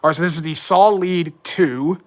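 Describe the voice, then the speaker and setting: A man speaks at normal speed in a fairly high voice while hosting a relaxed livestream. His commentary rambles, he keeps correcting slips, and a mild frustration comes through.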